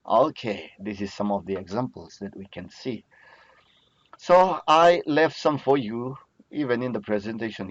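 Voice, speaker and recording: Male lecturer, slow drilling delivery, dry lo-fi recording. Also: lowish voice, gravelly, slightly rough, no echo. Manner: slow, repeats each word to drill pronunciation. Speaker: Biblical Hebrew teacher. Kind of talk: recorded lecture over slides.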